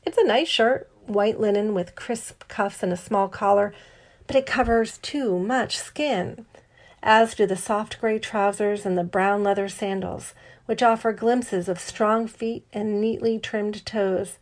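Woman reading an audiobook, measured and wry, mid pitch voice. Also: steady tone, darkish tone. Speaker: narrator. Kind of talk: audiobook narration.

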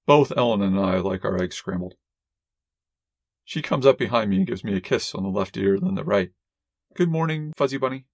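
A man narrating a first-person story as an audiobook reader in a measured, wry, deadpan way. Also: deep voice, gravelly, breathy edge, no room sound.

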